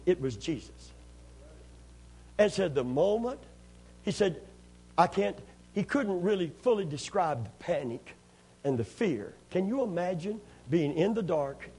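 A man's voice: high voice, husky. A man preaching a sermon, telling stories in a folksy, humorous way and prompting the congregation to answer back. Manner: lively storytelling, asks the congregation to answer. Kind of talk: sermon with call and response.

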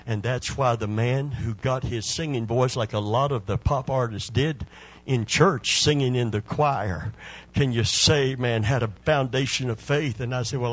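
Husky older man preaching a sermon. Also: medium pitch, poor audio. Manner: preaching with repetitions, sung phrases and rising fervor. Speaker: pastor.

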